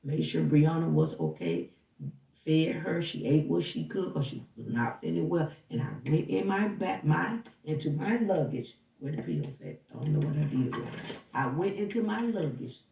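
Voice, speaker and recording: A woman with a gravelly, fry-edged voice recounts what she saw in an animated, casual way, slipping into the voices of the people in her story. She sits away from the microphone in an echoey room. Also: low-pitched, normal speed. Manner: animated, acts out dialogue while recounting. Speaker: housekeeper. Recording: roomy, distant from the mic.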